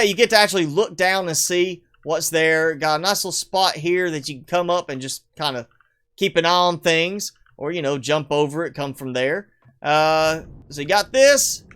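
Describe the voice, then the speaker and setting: A male streamer with a high, bright, forceful voice and a clean, clear, resonant tone gives casual live commentary while showcasing player builds. He's chatty and rambling, pokes fun at himself, and chuckles often.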